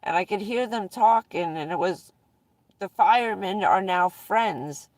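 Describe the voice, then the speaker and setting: Medium-pitched and darkish in tone, this woman speaks at a measured pace while casually sharing meandering personal stories on her vlog, frequently laughing partway through sentences. The recording is dry, with her far from the mic.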